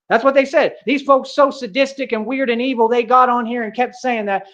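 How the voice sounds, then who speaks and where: A man's voice: very high voice, fairly even intonation, brisk, hardly any pauses, a bit bright. A man on a livestream, ranting in a confrontational, boastful way, full of street slang and 'bro' and 'real talk'. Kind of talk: heated livestream rant. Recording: dull lo-fi stream audio.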